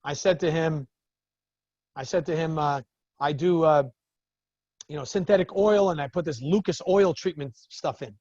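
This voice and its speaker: Male business coach, higher voice, lively storyteller who acts out exchanges, close and dry sound. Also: normal speed, long pauses, no echo, highs cut off. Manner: animated storytelling, acts out the other people in his stories. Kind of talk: talking to a group of business owners.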